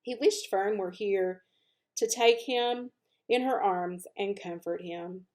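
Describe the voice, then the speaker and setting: A woman reading a children's novel aloud, with expressive, animated narration as the channel's regular reader. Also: mid-range voice, slow. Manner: expressive, animated narration, speeds up at lively moments. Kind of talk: storybook read-aloud.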